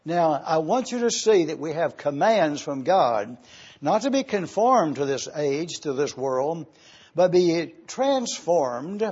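A man preaching an expository sermon, slowly spelling out Greek words letter by letter as he teaches. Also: on the high side, a little mellow, breathy edge, highs cut off.

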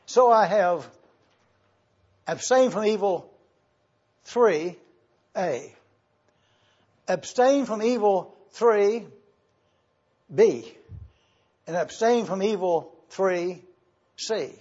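Slow, husky-voiced preacher man. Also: high voice, expressive, darkish tone, highs cut off. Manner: slow, deliberate teaching with spelled-out Greek words. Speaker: pastor. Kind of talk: sermon. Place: church.

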